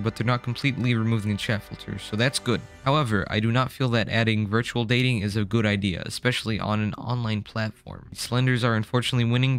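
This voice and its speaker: A man's voice: medium pitch, fairly bright tone. A young man giving casual, joking commentary for a gaming news vlog, with sarcastic asides. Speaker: gaming YouTuber.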